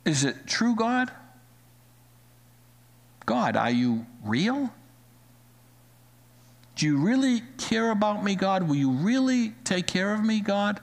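A male pastor preaching a sermon to a live-streamed congregation, animated and repeating phrases for emphasis. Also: sits high, slow, creaky, pauses often. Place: church sanctuary, live-streamed. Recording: long hall reverb.

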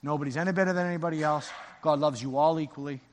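A man's voice: a little high, fairly even intonation, rapid-fire, slight background noise. A man preaching an impassioned sermon as pastor in a church sanctuary. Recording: long church reverb.

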